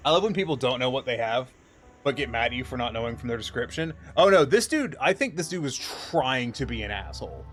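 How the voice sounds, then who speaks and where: A man livestreaming, telling an exasperated, profane work story in a casual, animated way. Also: mid-range voice, brisk. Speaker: streamer. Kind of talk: casual storytelling on a live stream. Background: faint game music.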